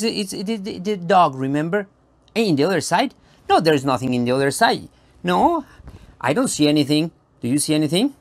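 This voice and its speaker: A children's performer speaks straight to a young audience, spinning a playful story, teasing them and making a show of building suspense. The voice is mid-range and animated at a moderate pace, with no room sound.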